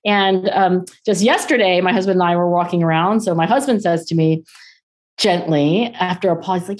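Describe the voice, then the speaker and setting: A middle-aged woman talking as a podcast guest in a casual, animated way, with frequent laughs and fillers. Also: lowish voice, moderate pace. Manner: animated, chatty, laughs often, lots of fillers. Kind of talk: casual interview conversation.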